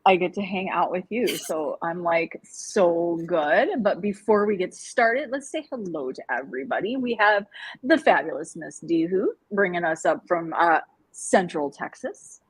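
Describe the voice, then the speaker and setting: Bubbly lady hosting a livestream, voice bounces all over, a bit husky, dry sound. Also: fairly low pitch, lively intonation, a little slow, no room sound. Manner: bubbly, chatty, greets viewers by name. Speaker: livestream co-host. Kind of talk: casual livestream chat.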